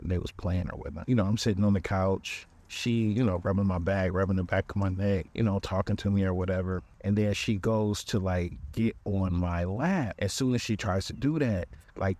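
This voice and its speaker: A male podcast host telling a comedic dating story in an animated way, talking right to his listeners. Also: sits low.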